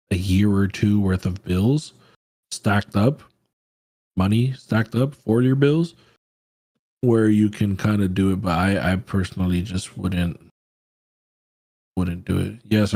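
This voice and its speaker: A man's voice: fairly low pitch, warm tone, no echo. A man hosting a trading livestream, chatting casually and answering viewer questions in a laid-back, slangy, profane way.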